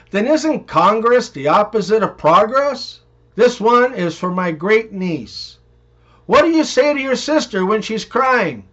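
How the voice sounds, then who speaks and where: High-voiced man telling jokes. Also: a bit bright. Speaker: joke narrator. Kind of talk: reading one-liners and joke stories. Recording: dull, muffled recording.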